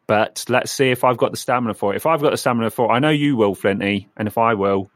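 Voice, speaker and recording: A man co-hosting a casual film podcast, talking in a measured, hedging way. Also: medium pitch, no echo. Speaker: podcast co-host.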